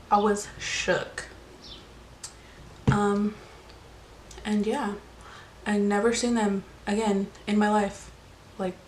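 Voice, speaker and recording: Brief: young woman vlogger, casual storytime, rambling filler-heavy chat, faint room hum. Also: medium pitch. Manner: chatty, lots of "like" fillers and swearing. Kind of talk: casual storytime while eating.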